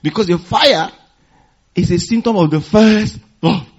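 Speaking a little slowly, a pastor whose voice sits high and carries a breathy edge engages his congregation in call-and-response, asking them to finish his phrases. Chuckling storytelling runs through the sermon, heard on a dull, lo-fi recording.

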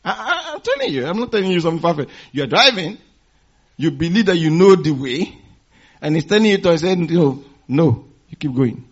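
A man's voice: sits high, very animated, brisk, breathy edge. A man preaching a sermon, calling and responding with the congregation and telling stories with chuckles. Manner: call-and-response preaching, asking the congregation to finish phrases; storytelling with chuckles. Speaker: pastor. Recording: dull lo-fi recording.

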